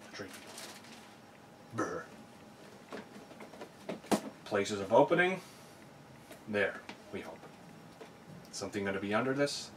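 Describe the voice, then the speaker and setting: A man's voice: fairly low pitch, very animated, takes it slowly, pauses often. Snarky guy ranting through an unboxing, voice jumps all over, noisy room. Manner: sarcastic, ranting, mock-reads product text. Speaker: unboxing vlogger. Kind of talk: sarcastic unboxing commentary. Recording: distant mic, noisy room.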